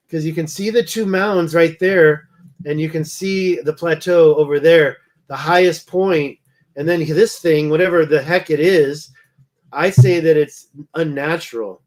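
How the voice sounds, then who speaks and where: A tired man hosting a casual livestream, rambling and thinking aloud as he looks through photos. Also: fairly high pitch. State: tired, yawning. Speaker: livestream host.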